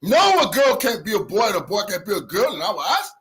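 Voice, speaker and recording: A man hosting a livestream who reacts to clips in heated, profane commentary and preaches to his viewers. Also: fairly quick. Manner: animated, profane, preachy, with swooping pitch.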